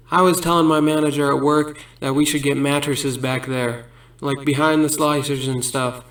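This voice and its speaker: A man telling a string of absurd stand-up jokes in a rambling way, laughing at his own punchlines between bits. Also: a little high. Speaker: comedian. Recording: roomy sound from a distant mic.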